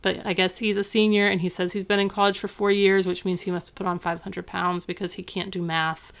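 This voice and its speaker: A woman's voice: medium pitch, level tone, fairly quick. A woman co-hosting a podcast, casually recapping a TV episode in a chatty way, with lots of "like" fillers. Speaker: podcast co-host.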